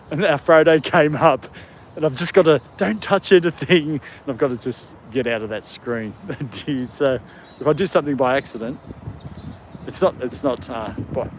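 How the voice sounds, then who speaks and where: A man's voice: mid-range voice, slight background noise. A man with an Australian British accent hosting a casual live stream from an outdoor park on his phone, rambling and chuckling as he chats with viewers and his dogs.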